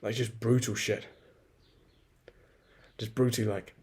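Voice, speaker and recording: A man's voice: fairly low pitch, steady tone, unhurried, pauses often, darkish tone, husky. A young man talking through a rambling, frank personal monologue, swearing freely and poking fun at himself. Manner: rambling, swears a lot, frank and self-deprecating.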